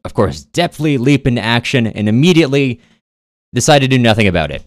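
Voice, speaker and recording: A man's voice: mid-range voice, animated, moderate pace, no room sound. A man co-hosting a podcast, casually retelling a novel's plot with wry, dry asides. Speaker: podcast co-host. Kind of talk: casual book recap.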